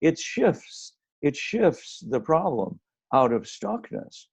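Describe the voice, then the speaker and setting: A man talking through ideas as a guest author, measured and hedging, often restarting with "I mean". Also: fairly high pitch, very animated, breathy edge, lo-fi sound. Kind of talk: conversational discussion. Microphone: video call.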